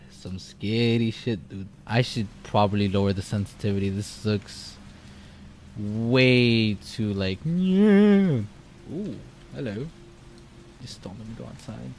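A young man talks through a horror game in loose let's-play commentary, cursing and rambling. He startles easily, and his pitch leaps up when he panics before dropping back to a mutter. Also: animated, slow pace, darkish tone, a little hiss or hum. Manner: jumpy, profane, rambling reactions. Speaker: gamer.

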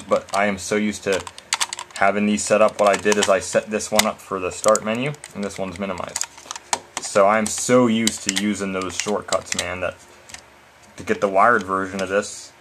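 A man with a low voice vents to his viewers in a casual, exasperated ranting style. He swears freely and keeps throwing in "man" and "guys". A faint hum of room ambience sits behind him. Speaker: vlogger.

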